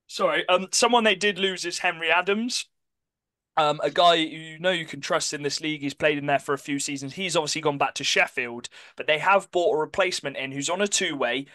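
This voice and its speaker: A man co-hosting a casual sports podcast, chatty and quick to correct himself mid-sentence. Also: on the high side, sharp tone, dry recording. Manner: chatty, self-correcting, apologetic about pronunciation. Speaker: podcast co-host.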